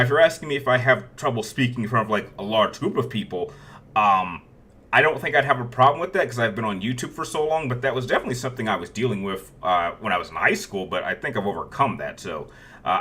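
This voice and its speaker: A man in his thirties hosts a relaxed Q&A, answering viewer questions one after another. His voice is bright and forward, and he often restarts his sentences as he thinks aloud. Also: medium pitch, slightly rough. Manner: rambling, many restarts, chuckles between answers. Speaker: YouTube Q&A host.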